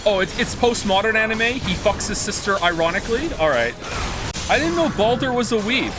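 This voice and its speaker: A male game streamer chatting to his viewers between play. His voice sits high and jumps around animatedly. He rambles, swears freely and reacts with incredulous disbelief. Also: sing-song, brisk, music in the background. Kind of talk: live game stream chat.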